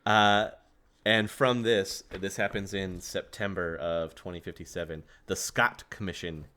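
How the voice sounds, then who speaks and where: Deep slow-talking male podcast host. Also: fairly even intonation, sharp tone, a little hiss or hum. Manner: relays lore details between laughs. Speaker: game master and host. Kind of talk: casual podcast chat on game lore.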